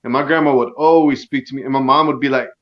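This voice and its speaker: A man's voice: medium pitch, steady tone, fast talker. Easygoing guy telling stories in casual chat, muffled lo-fi sound. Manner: easygoing storyteller, laughs along. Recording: dull lo-fi audio.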